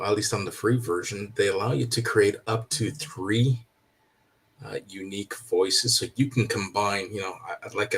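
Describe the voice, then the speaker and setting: Low-pitched man, steady explainer in a casual talk. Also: husky, poor audio. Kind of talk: casual chat.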